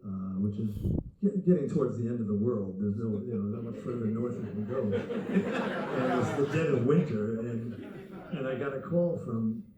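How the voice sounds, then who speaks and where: A man's voice: medium pitch, normal speed. An older man, a guest musician, telling an anecdote onstage and acting out the dialogue as he goes. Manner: animated storyteller, acts out dialogue. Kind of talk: storytelling anecdote. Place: theater stage before an audience. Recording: echoey, distant, dull sound with faint noise.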